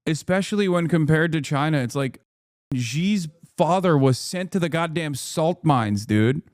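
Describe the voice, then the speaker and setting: A man hosting a stream, reacting to a video in rapid, argumentative, exasperated casual commentary. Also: fairly high pitch, animated, no room sound, studio quality. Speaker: streamer host.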